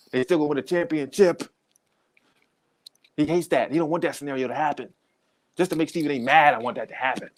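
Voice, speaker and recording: A man's voice: fairly high pitch, fast, pauses often. A man hosting a podcast, giving a profane, heated, comedic rant. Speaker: podcast host.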